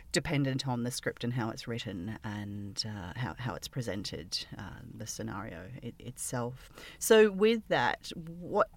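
A woman hosting a casual podcast interview, talking hesitantly with many pauses and restarts. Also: low voice, dry recording. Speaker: podcast host interviewing an audio creator.

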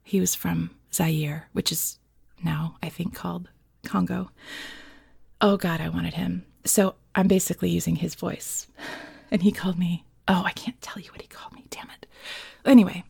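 Woman host, casual chat, self-deprecating, husky, gravelly, half-whispered, dry sound. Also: lowish voice, normal speed, warm tone. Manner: chatty, self-deprecating, laughing, nervous; often whispering. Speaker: host reading listener scripts.

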